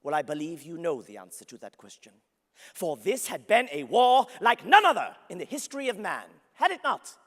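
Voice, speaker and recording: Performing as a passionate, flamboyant young French nobleman, a man narrates his life in a theatrical first-person show before an audience, laughing frequently as he tells it grandly. He is a historical character interpreter with a high, slightly bright, heavily acted voice, huge pitch swings and a normal speed. The setting is a large convention hall, audible in the long reverb.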